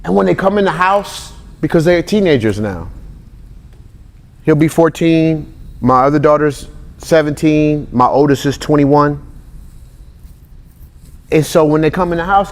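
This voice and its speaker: A man in his forties giving a lively, conversational Bible teaching, talking straight to his listeners and acting out the people in his stories. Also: fairly high pitch, unhurried, long pauses. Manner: animated, talks straight to the audience, acts out quotes. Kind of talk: conversational sermon-style teaching.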